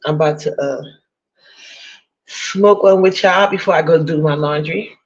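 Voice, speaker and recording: A woman's voice: low-pitched, a little slow, lo-fi sound. A woman chatting casually to her viewers, blunt, profane and gossipy with laughing asides. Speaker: vlogger.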